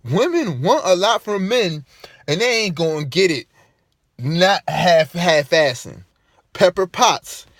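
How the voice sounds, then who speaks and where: A male vlogger delivers an emphatic, profane rant to camera, hammering his points by repeating them. His voice is high with lively intonation and a slow pace, recorded at studio quality with no echo.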